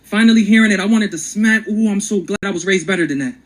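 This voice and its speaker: Guy with a high voice doing a spoken word piece, rhymes flowing, acts it out. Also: fast talker, poor audio. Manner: rhythmic, dramatic storyteller who acts out quotes. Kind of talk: rhyming spoken word storytelling.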